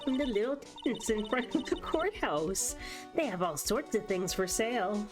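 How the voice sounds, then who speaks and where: A woman voicing a bubbly young woman sidekick, bright and chirpy. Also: mid-range voice, animated, normal speed, music in the background, natural voice.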